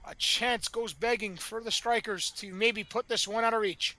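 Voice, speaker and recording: An excitable male play-by-play commentator with a very high, bright voice that cuts through. He calls the action live and rises to shouts whenever a chance comes. His speech is peppered with colorful catchphrases. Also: normal speed.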